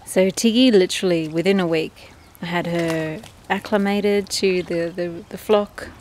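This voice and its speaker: A woman's voice: fairly low pitch, steady tone, measured pace, a little mellow. A woman filming her ducks in a backyard, chatting casually and affectionately as she narrates. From Australia. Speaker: duck keeper filming her flock. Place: outdoors in a backyard. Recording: faint outdoor background noise.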